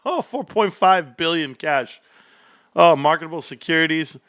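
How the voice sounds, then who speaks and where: A man hosting a livestream, reading through financial numbers with loud, excitable exclamations to his viewers. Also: fairly high pitch, normal speed. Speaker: stock streamer.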